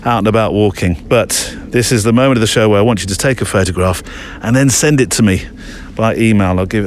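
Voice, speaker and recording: A man's voice: lowish voice, slight background noise. A middle-aged man hosting a podcast alone, talking casually and rambling with frequent restarts while out on a walk among trees. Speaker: podcast host. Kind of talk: casual solo podcast monologue.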